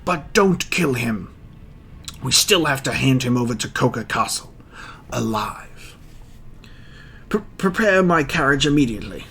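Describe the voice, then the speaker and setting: A man voicing a panicky, middle-aged male town mayor while reading a manga aloud, with a shrill, pleading, nervous delivery. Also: expressive, measured pace, pauses often, fairly bright tone, a little hiss or hum. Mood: panicked.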